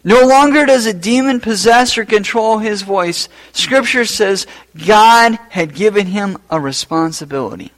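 A man preaching a sermon as pastor, rising to loud emphatic peaks and then dropping low and quiet. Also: measured pace, hardly any pauses, rough recording.

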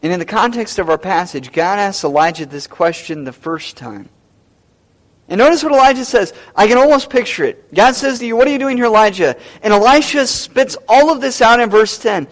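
Man, high voice, preaching a sermon, emphatic, repeats phrases. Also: expressive, normal speed, fairly bright tone. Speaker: pastor.

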